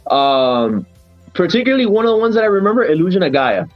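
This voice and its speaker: A man's voice: high voice, fast talker, no room sound, highs cut off, faint music behind. A man hosting a podcast, telling stories in casual chat with lots of restarts. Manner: animated storyteller, many restarts and "man". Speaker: podcast host.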